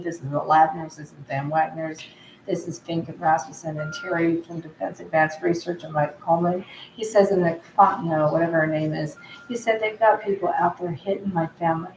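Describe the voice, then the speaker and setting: A woman in an agitated, rambling monologue, repeatedly relaying what others told her. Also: on the low side. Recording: roomy echo, faint background noise.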